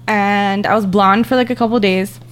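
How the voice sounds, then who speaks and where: A woman's voice: medium pitch, moderate pace, a little hiss or hum. Give me a profane young woman telling a story. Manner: profane, heavy use of "like", animated retelling. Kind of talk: casual chat.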